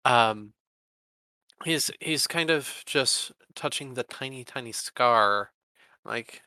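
Male tabletop player, gravelly and bright, dry close sound, animated delivery. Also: mid-range voice, takes it slowly, no room sound, poor audio. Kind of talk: in-character play and narration.

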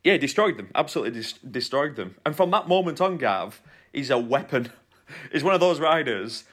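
A man's voice: medium pitch, animated, brisk, a bit bright, slightly rough. Bantering man podcast host. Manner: joking, self-mocking banter. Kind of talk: casual chat.

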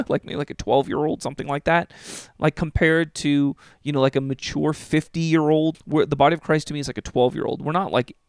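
A man in his thirties hosts a solo podcast, his voice sitting a little higher than most men's. He talks earnestly and gets moved by his own words, leaning on fillers and tag questions. The sound is dry, with no room echo. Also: fairly even intonation, fairly quick, smooth. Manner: earnest, emotional, filler-heavy with frequent "okay?". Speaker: podcast host. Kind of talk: solo podcast talk about faith. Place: alone in a room.

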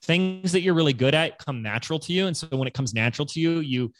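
A man's voice: on the high side, expressive, fast talker, no echo. A man telling his business story in a casual interview, acting out other people's voices in quotes. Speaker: guest entrepreneur.

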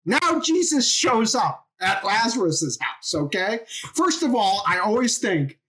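A woman telling a Bible story as an informal sermon, animated and full of rhetorical questions. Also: medium pitch, a little slow.

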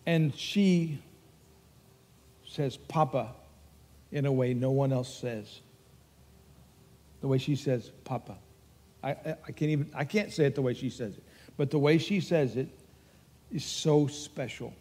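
Older Texan pastor preaching in a hall. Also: male voice, mid-range voice, unhurried, long pauses. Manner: earnest storytelling preacher, warm and emphatic. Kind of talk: sermon.

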